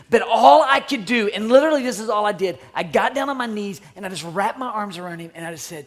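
A middle-aged man preaching, telling a personal story in a dramatic, animated way with sudden shouts and hushed asides. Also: sits high, quick pace, hardly any pauses. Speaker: pastor. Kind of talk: sermon storytelling.

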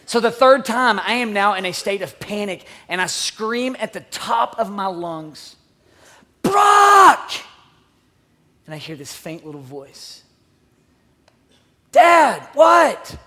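A middle-aged man preaching, telling a personal story in a dramatic, animated way with sudden shouts and hushed asides. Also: high voice, moderate pace, few pauses. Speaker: pastor. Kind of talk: sermon storytelling.

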